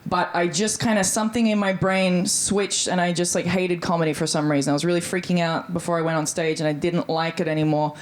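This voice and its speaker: A woman's voice: fairly low pitch, flat delivery, brisk, few pauses. A woman in her thirties with an Australian accent performing a stand-up comedy set in a chatty, breezy way and acting out the voices she quotes. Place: comedy club stage before a live audience.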